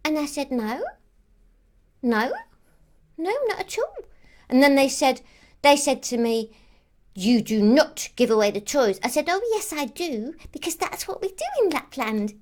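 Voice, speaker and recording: A woman plays a childlike female Christmas elf in a monologue to camera, rambling with lots of "like" and "um." Her high voice has a darkish tone, lively intonation, a measured pace and frequent pauses.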